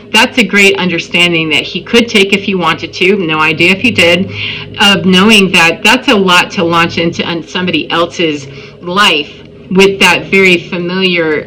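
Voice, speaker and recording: A woman's voice: lowish voice, sharp tone, a little hiss or hum, low-quality recording. A woman telling a personal story in a casual, emphatic spiritual monologue, acting out what people said. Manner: emphatic, storytelling with acted-out quotes. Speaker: spiritual vlogger.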